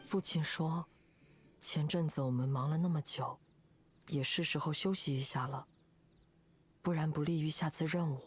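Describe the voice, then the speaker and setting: A shy young performer from a video game who speaks softly, as a woman acts the part. The voice is breathy, fairly low, and hesitant. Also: fairly even intonation, moderate pace, pauses often, soft background music. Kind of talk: game dialogue.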